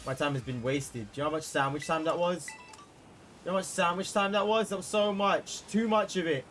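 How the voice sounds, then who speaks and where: Young male streamer, slightly high voice, excitable, talks to chat and repeats himself, music playing underneath. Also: brisk. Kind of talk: live-stream game commentary. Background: background music.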